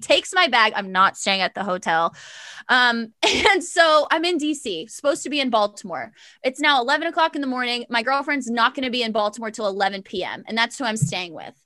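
Young woman, high pitched, bright, sassy storyteller, casual chat, dry sound. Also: no room sound. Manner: animated, sassy, lots of fillers and quoted voices. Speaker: guest telling a story.

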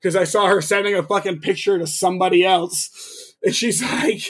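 A young man with a slightly raised voice tells a story on a podcast, lively and full of cursing. He acts out what others said as he goes, in a loose, casual way. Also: high voice, moderate pace, breathy edge. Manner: animated, profane, acts out quotes. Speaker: podcast co-host.

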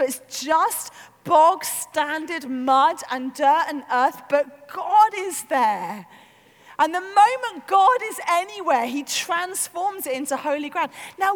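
Animated woman preaching in a reverberant hall. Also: high-pitched. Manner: animated, chatty, with many "like"s. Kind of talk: sermon.

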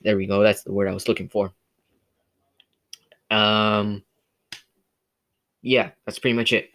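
A man's voice: on the low side, level tone, a little slow, fairly bright tone. Rambling male podcast host. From California. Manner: rambling, many fillers and restarts. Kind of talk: casual solo movie review podcast.

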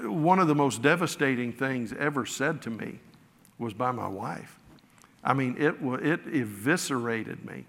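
With a medium-pitched, fairly bright voice, a male pastor delivers a sermon full of personal stories told with self-deprecating humor and frequent restarts. The recording carries long hall reverb.

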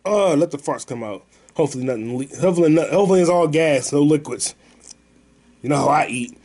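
A man's voice: on the high side, animated, fast talker, darkish tone. A man hosting a podcast, rambling through stories and movie talk in a loose, profane, slangy way. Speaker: podcast host. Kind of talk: casual podcast chat.

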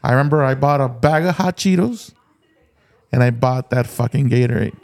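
A middle-aged man swapping stories on a podcast. He talks loosely and swears freely. His delivery turns animated when he gets into a story. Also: medium pitch, normal speed. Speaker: podcast co-host. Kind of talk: casual chat.

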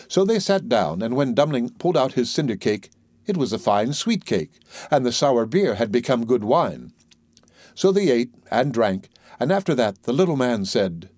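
A man narrates a classic fairy tale in a measured, clear storybook reading. His voice sits at a middle pitch and the recording is dry and close, with no room sound. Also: sing-song, a little mellow, no room sound. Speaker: audiobook narrator.

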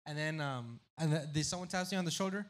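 A man on a podcast telling a story in casual chat, loud and profane, shouting out the voices of the crowd. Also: on the high side, quick pace. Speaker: podcast guest.

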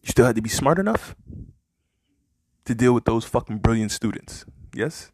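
A man ranting through a commentary show in a husky voice, swearing freely and firing mocking rhetorical questions at his audience. His voice sits in an ordinary middle register and is recorded close and dry, with no room sound. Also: medium pitch, animated, normal speed, darkish tone, dry recording. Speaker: commentary podcaster. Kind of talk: rambling opinion commentary.

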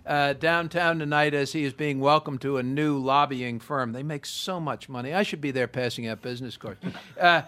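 A man's voice: medium pitch, normal speed, bright, forceful tone. A man hosting a podcast, chatty and jokey, with many fillers. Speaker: podcast host. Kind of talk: casual talk show hosting.

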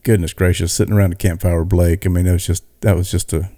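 A man co-hosting a podcast, telling a story in a casual, animated way with many restarts. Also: sits low, fast talker, dry recording, studio quality. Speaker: podcast co-host. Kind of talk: casual chat.

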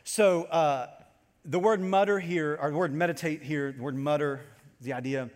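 A man preaching a sermon to his congregation as pastor, animated and storytelling as he goes. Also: on the high side, moderate pace, in a large hall.

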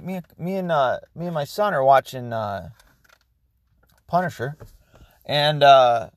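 A man's voice: sits high, very animated, measured pace, pauses often, a little mellow, no room sound. Profane ranting man, dry sound. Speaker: podcast host. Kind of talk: casual solo monologue.

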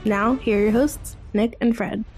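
Woman announcer over loud music. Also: a little high, steady tone, moderate pace. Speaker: show intro announcer. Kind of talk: scripted intro announcement.

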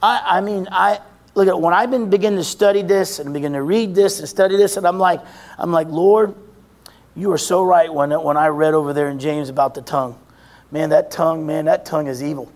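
A man preaching a sermon, asking and answering his own questions, shouting at times and then dropping low. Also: steady tone, a little fast.

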